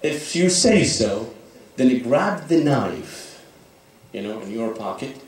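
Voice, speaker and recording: A man's voice: mid-range voice, sing-song, slow pace. A man voicing God as a stern, testing male figure in a told sermon story, speaking insistently. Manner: challenging, insistent questioning. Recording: echoey hall, speaker far from mic.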